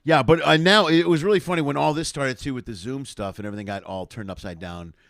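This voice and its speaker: A man from Chicago, a comedian hosting a show, telling stories over a video call in a casual, profane, animated way, laughing as he goes. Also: medium pitch, fast, creaky, dry recording, studio quality. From Chicago, USA. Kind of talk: casual conversational storytelling.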